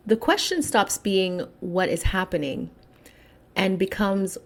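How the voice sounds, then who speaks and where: A woman hosting a solo podcast, speaking in an emphatic commentary style and slowing down to stress key words. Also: on the low side, very animated. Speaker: podcast host.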